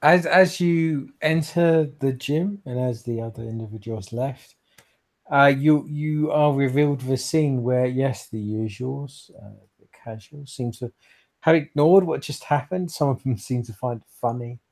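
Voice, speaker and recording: A man's voice: medium pitch, unhurried, darkish tone. Casual male game master narrating. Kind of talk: narrating a tabletop role-playing game.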